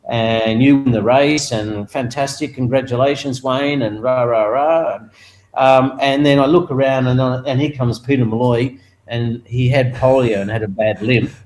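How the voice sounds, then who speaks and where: In a rough recording with slight background noise, an older former motorcycle racer from Australia narrates an interview story at a moderate pace. His telling is lively, full of laughter and higher-pitched impressions of the other people involved.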